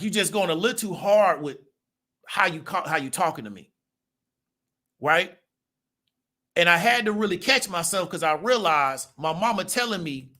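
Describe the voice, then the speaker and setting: A man's voice: fairly high pitch, sharp tone. A man, giving a casual monologue to his viewers and checking in with rhetorical questions. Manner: conversational, rhetorical "right?" check-ins. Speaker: channel host.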